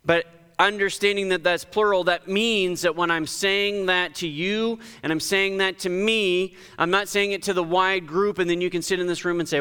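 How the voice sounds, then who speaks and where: Male pastor, smooth resonant voice, emphatic sermon delivery, long church reverb. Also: fairly even intonation, normal speed, hardly any pauses, bright, forceful tone. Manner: emphatic, conversational preaching with sudden lifts in pitch. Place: church sanctuary.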